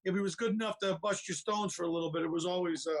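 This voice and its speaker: A comedian from rambles in an animated way on a video call. His voice sits high for a man. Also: racing. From Philadelphia. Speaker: comedian guest. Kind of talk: casual video call chat.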